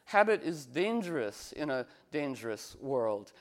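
A man teaching astrology in a casual talk, rambling with many fillers and restarts, acting out quoted voices with sudden jumps in pitch. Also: sing-song, a little slow.

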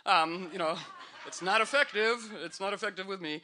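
Man, slightly high voice, live talk to an audience, rambling, playful, lots of fillers. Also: moderate pace, pushed and bright, slight background noise. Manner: meandering with frequent fillers and restarts, playful. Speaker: speaker at a live gathering.

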